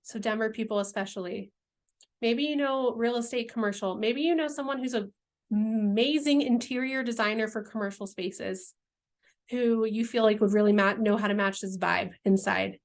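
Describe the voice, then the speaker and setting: A woman's voice: a little high, normal speed. A woman, earnestly describing her business dream in a heartfelt, rambling vlog, searching for words and near tears at times. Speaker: entrepreneur presenting her brand vision. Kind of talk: emotional, heartfelt vlog pitch.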